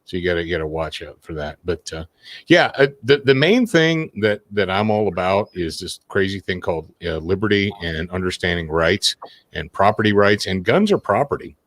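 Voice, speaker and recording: Animated low-voiced male guest. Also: normal speed, no echo. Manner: animated, acts out mocking voices. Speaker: guest panelist. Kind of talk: casual opinion chat.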